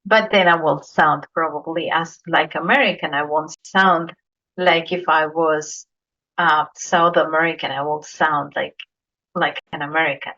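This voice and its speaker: Low-voiced Colombian Spanish accented woman. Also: fairly even intonation, unhurried, sharp tone. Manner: earnest, anecdotal, repeats words while searching. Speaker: podcast host. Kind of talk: casual interview chat. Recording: dull lo-fi recording.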